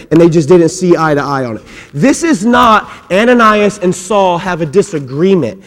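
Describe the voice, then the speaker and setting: A man preaching a sermon, swinging between loud, raised passages and hushed, quiet ones, acting out quoted voices with humorous asides. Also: high voice, lively intonation, moderate pace. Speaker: pastor. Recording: long hall reverb.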